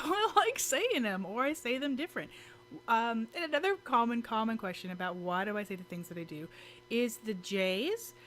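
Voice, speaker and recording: Her voice sits on the high side and has a fairly bright tone, picked up by a camera mic with slight background noise. She's an American mother vlogging casually to camera, chatty and giggly, with lots of fillers and restarts.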